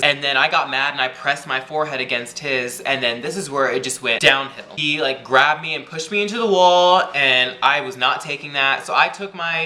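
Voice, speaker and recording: Bright-voiced young man telling a story. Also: mid-range voice, roomy sound. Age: young adult. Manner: chatty, lots of fillers and 'like'. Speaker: vlogger. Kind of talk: casual storytelling to camera.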